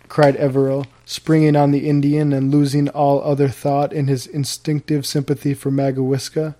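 A man narrating an audiobook of a historical novel in a steady, formal storytelling manner. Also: medium pitch, moderate pace, hardly any pauses.

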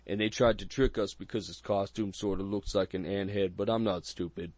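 A low-voiced man gives deadpan, literal takes in a casual movie chat. His dry humor lands flat on purpose, and the mic is close and dry. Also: fairly quick, no echo.

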